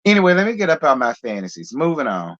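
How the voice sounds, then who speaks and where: A man hosting a gossip commentary channel, reacting in a sassy, joking way with drawn-out asides. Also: on the high side, sing-song, a bit bright. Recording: dull lo-fi audio.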